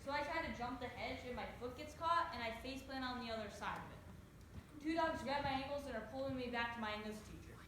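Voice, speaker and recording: A woman's voice: high-pitched, lively intonation, moderate pace. A young woman acting a brash, scornful teen girl in a stage monologue, recorded on an echoey stage. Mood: sarcastic. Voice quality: sarcastic. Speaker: student actor. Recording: echoey stage, audible hiss.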